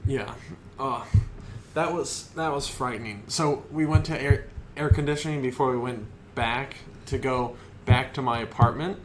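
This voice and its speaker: A young man co-hosts a podcast in a laid-back, halting chat, and he often stops to find his words. A faint ambient hiss sits behind his voice. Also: mid-range voice. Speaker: podcast co-host. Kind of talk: casual chat.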